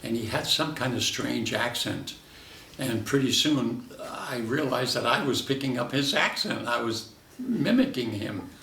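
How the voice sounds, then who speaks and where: An older man, a veteran character actor, telling lively anecdotes from his career in an interview and acting out the voices in his stories. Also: mid-range voice, measured pace, vocal fry, reverberant, distant mic.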